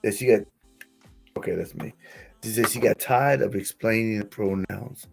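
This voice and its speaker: A man hosting a relaxed conversation, his voice sitting a little low. He tells stories with animated quoted lines and chuckles at his own jokes. Faint music plays under him. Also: normal speed, vocal fry. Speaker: podcast host. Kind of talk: casual conversational commentary.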